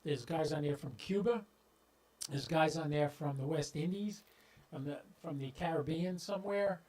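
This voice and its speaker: A man's voice: on the high side, normal speed, darkish tone, low-quality recording. A man hosting a ham radio livestream, talking straight to viewers in a folksy, joking way about radio practice, with a clip-on mic on his shirt. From southeastern US. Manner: folksy, talks directly to viewers, stumbles into jokes. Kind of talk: casual livestream talk. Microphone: clip-on microphone on shirt. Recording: popping and scratching from mic.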